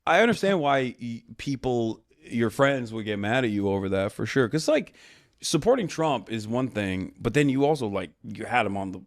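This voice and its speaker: A man's voice: mid-range voice, very animated, normal speed. A man in casual podcast conversation, blunt and opinionated.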